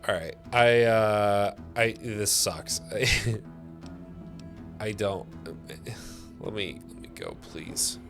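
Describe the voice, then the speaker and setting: A man's voice: fairly low pitch, steady tone, very slow, fairly bright tone, soft background music. A tired man giving casual gameplay commentary in a laid-back, swearing way. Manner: laid-back, sleepy, laughs easily, swears. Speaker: gameplay streamer.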